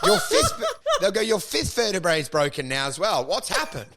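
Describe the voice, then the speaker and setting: Young guy ranting a crude story on a podcast, high voice, bouncing all over the place. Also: sing-song, brisk, sharp tone, a little hiss or hum. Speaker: stand-up comedian and podcast co-host.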